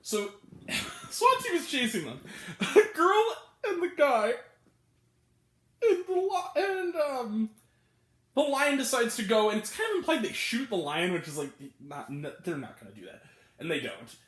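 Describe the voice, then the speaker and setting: Animated, incredulous woman reviewing films. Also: fairly high pitch, measured pace, echoey room. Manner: incredulous, laughing, swears freely. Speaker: film reviewer. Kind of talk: casual movie review rant.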